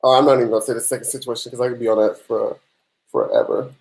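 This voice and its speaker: A man's voice: medium pitch, rapid-fire, vocal fry, a little mellow. Sleepy man on a livestream. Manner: laid-back, yawning, sleepy, chatty. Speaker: tax livestream host answering viewer questions. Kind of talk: casual livestream Q&A. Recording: echoey room.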